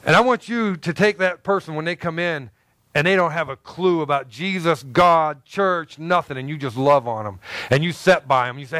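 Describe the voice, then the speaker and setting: A man's voice: on the high side, normal speed, bright, forceful tone, no room sound. A middle-aged man, a pastor, preaching a sermon to his church, telling a personal story in a folksy way with laughs and asides.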